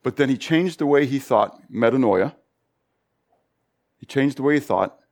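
A pastor preaching a Bible study sermon, animated, full of rhetorical questions. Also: male voice, medium pitch, normal speed.

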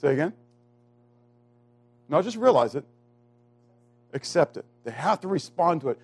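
A man preaching with a voice pitched a little above most men's. He draws the congregation in with questions, leans hard on key words with deliberate slowness, and drops from near-shouts to hushed, low asides. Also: sing-song, slightly rough. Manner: asks the congregation questions and waits for answers; swings from loud emphatic lines to hushed low asides. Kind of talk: sermon.

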